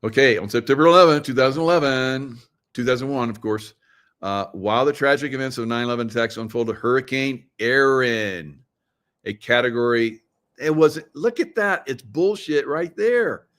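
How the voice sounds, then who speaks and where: A man's voice: mid-range voice, moderate pace, fairly bright tone. A middle-aged man hosting a live chat to viewers, rambling and conspiratorial, laughing often as he talks. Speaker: livestream host. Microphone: computer mic, screen sharing.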